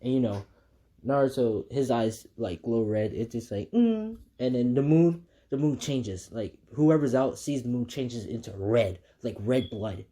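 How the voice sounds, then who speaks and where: A man's voice: medium pitch, lively intonation, unhurried, dark tone. Rambling man retelling a fan story. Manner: rambling, many fillers and restarts.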